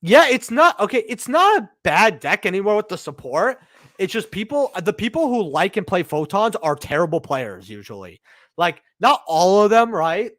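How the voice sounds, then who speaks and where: A man's voice: high-pitched, big pitch swings, normal speed, fairly bright tone, dry recording, clean studio sound. A young man hosting a live stream, chatting casually in a rambling way, with slang and swearing. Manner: slangy, swearing, rambling storyteller who says "bro". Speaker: livestream host.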